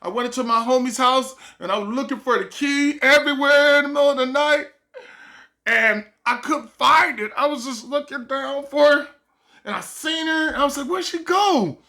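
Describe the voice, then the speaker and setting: A man casually telling a personal story to camera, animated and full of quoted back-and-forth dialogue. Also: very high-pitched, moderate pace. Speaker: vlogger.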